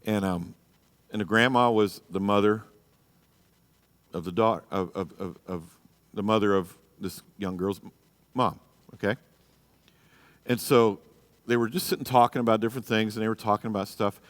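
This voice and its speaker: A man's voice: fairly low pitch, fairly even intonation, moderate pace, pauses often, big-room sound. A man teaching a church marriage class, blunt and exhorting, often checking in with "you know" and "okay?". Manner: acts out quoted people in a raised voice.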